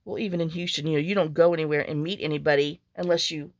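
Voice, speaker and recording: A woman vlogger makes a journal while chatting casually, wandering through stories and muttering to herself. Her voice is low, fast, and fairly even in intonation, recorded dry with studio quality.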